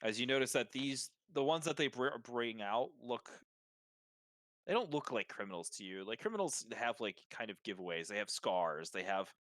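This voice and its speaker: A man's voice: mid-range voice, moderate pace, a bit bright, no room sound. A man narrating as game master of a tabletop game, describing scenes with fillers and restarts.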